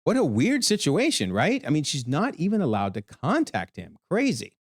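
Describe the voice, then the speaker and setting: A man giving an animated TV episode breakdown, exclaiming often as he comments. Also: a little high, normal speed, no room sound, clean studio sound. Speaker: video commentator.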